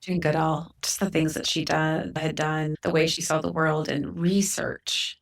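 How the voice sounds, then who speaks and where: A woman in her forties, a podcast guest, speaking candidly and reflectively in a relaxed conversational interview. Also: deep voice, unhurried, creaky. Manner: candid, reflective, thinks aloud with fillers.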